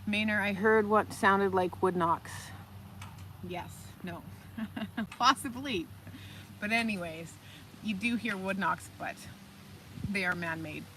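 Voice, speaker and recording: A woman talking casually on a live stream, her voice bright and forward. She tells her stories in an animated, chatty way and reads viewer comments aloud as she goes. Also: medium pitch, slow pace, long pauses, a little hiss or hum. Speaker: livestream host.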